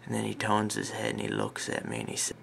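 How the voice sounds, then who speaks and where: A young man telling comic stories about his parents in a deadpan, laid-back, crude way. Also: lowish voice, quick pace, slight background noise. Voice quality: gravelly. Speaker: comedy vlogger. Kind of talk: comedic storytelling.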